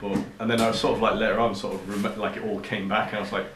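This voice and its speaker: A man's voice: lowish voice, little pitch movement, rapid-fire, reverberant, a crowd in the background. A young man from Cheshire chatting on a vlog, rambling through an anecdote and laughing as he goes. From Cheshire, England. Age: young adult. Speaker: vlogger. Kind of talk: casual chat.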